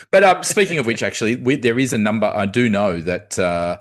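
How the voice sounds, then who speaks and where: A man's voice: fairly low pitch, brisk. An Australian man hosting a podcast, telling stories in a rambling, casual way and often repeating words. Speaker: podcast host. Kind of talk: casual storytelling chat.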